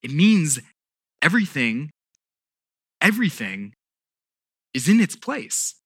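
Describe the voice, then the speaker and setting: Bright-voiced pastor preaching slowly. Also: male voice, a little high, sing-song, slightly rough, no room sound, studio quality. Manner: emphatic, repeats key words, slow deliberate pauses. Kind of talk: sermon.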